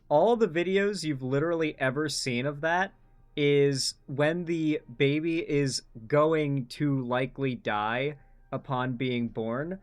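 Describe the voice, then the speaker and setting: A man's voice: medium pitch, clean tone. A man hosting a casual reaction commentary, blunt and swearing, rambling with restarts. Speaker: commentary host.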